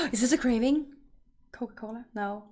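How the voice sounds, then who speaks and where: A woman streamer chatting casually and rambling to her viewers, now and then breaking into loud laughing rants. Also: a little high, lively intonation, moderate pace.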